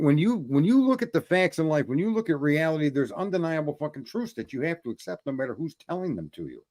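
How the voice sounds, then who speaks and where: Male host, rants bluntly, swears a lot, restarts sentences, pitch swings widely. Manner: blunt, profane, ranting, addresses folks; repeats words when starting sentences. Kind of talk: profane storytelling.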